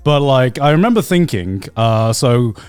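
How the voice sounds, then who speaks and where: A man's voice: mid-range voice, very animated, measured pace, darkish tone, clear, resonant tone, no room sound, soft background music. Guy on a podcast, casual chat, laughs a lot, dry close mic. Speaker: podcast co-host.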